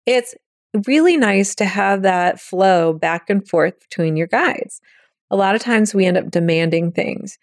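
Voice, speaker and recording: A woman's voice: mid-range voice, animated, a little slow, dry recording, studio quality. A woman hosting a podcast, teaching in a casual, chatty way and acting out quoted thoughts in little voices. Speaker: podcast host. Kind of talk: casual spiritual teaching talk.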